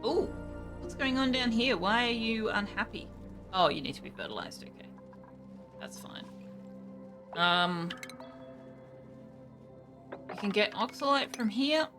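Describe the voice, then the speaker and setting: A young woman streaming a game, chatting casually and thinking aloud, reacting with quick surprise to what happens. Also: medium pitch, big pitch swings, over music. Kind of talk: casual live gameplay commentary.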